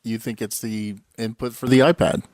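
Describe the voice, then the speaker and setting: A man's voice: fairly low pitch, level tone, normal speed, a little mellow, no room sound. A man co-hosting a casual podcast, talking loosely and using lots of fillers. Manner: loose, filler-heavy chatter. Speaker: podcast co-host. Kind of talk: casual chat.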